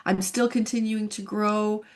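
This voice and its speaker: A woman's voice: medium pitch, fairly even intonation, a little slow, darkish tone. A woman in her fifties, a podcast guest, telling her personal faith story in an earnest, emotional way. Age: 50s. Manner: earnest and emotional, sighing and laughing at herself.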